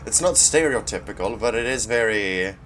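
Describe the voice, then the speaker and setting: A Swedish man, just woken up and a bit groggy, commenting casually on his gameplay with a laid-back, rambling manner and sudden loud outbursts. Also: on the low side, lively intonation, normal speed, a little hiss or hum. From Sweden. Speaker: gaming channel host.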